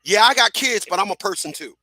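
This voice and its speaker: Man, middle-aged, high voice, bright tone, casual animated storytelling, radio host. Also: fast, no room sound, clean studio sound. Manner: animated, repeats phrases, acts out quotes.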